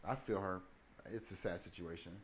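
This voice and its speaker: A man telling his life story as an interview guest, animated and candid, acting out the people in it and restarting in quick bursts. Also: sits low, a little hiss or hum. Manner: animated, acts out the people in his story with big swings in loudness; talks in quick bursts with many short restarts.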